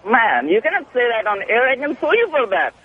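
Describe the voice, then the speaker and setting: A man calling into a radio show, talking defensively in halting, restarting sentences. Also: very high voice, wildly swooping pitch, over a noisy crowd. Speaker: caller. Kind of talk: call-in radio talk. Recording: tinny phone line.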